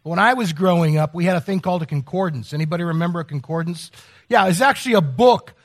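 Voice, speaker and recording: This middle-aged pastor's voice is on the high side and fast as he preaches. He narrates a meandering story, breaking off and starting over, repeating words, interrupting himself throughout.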